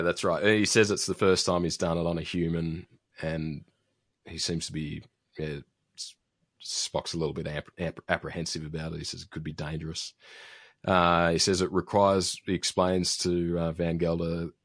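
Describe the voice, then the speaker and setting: A man's voice: low-pitched, level tone, normal speed, fairly bright tone, no room sound, studio quality. A man casually recapping a TV episode as a podcast host, rambling with fillers and restarts. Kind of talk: casual chat.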